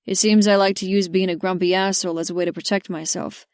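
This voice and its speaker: A woman narrator voicing a grumpy young man who speaks softly and earnestly to the woman he loves. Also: fairly low pitch, steady tone, fast, clean tone, no room sound, studio quality, lightly acted. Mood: tender. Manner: soft, earnest. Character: grumpy young cowboy-type man in love.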